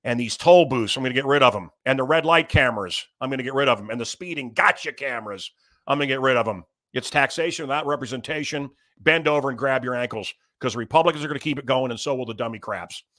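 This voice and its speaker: A man's voice: mid-range voice, fast talker, sharp tone. A middle-aged man hosting a show, delivering a blunt, combative political monologue with crude language. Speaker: show host.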